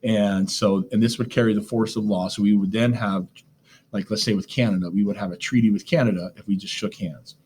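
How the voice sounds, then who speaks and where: A lowish-voiced man talks through class notes like a teacher chatting with students, loose and full of "um"s and quick asides. A faint hiss of background noise sits under his recorded lecture. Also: fairly even intonation, darkish tone. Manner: conversational, lots of fillers, asides.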